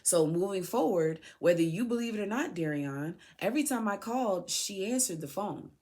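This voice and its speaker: A woman's voice: medium pitch, lively intonation, normal speed, a little mellow. A woman speaking in an emotional personal monologue to her son, aggrieved and pleading, repeating herself for emphasis. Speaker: podcast host, mother addressing her son.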